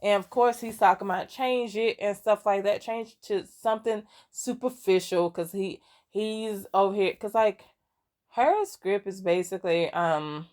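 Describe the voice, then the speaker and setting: Young woman, unhurried and chatty, rambling recap with frequent laughs, mid-range voice. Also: medium pitch. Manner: rambling, many fillers and restarts; laughs often, amused and expressive. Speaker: gaming content creator. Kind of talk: casual story recap.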